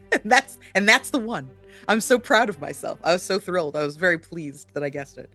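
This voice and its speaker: A man with a rather high, bright and forceful voice co-hosts a casual talk show. He talks earnestly, with plenty of filler words. Faint music plays behind him. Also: animated, normal speed. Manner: earnest, many fillers, warm shout-outs. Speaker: co-host. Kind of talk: casual chat.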